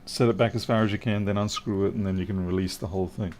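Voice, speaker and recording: Low-voiced man, wry live repair chat. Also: fairly even intonation, quick pace, a little mellow, slight background noise. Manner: wry, chatty, answering viewers' comments. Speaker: livestream repair host. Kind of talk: casual live-stream commentary while working.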